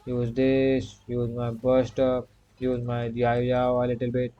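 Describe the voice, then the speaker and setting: A man's voice: mid-range voice, completely flat delivery, slow, highs cut off. A man giving casual commentary while he plays a video game. He talks himself through each move, repeats short commands and keeps filling gaps with "you can say.". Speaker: gaming streamer.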